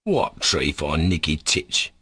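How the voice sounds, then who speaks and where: A man voicing an angry, dim-witted young clerk who repeats himself in a slow, drawn-out way in an audiobook reading. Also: medium pitch, sing-song, no room sound, voice pushed up. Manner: slow, drawn-out, repetitive shouting.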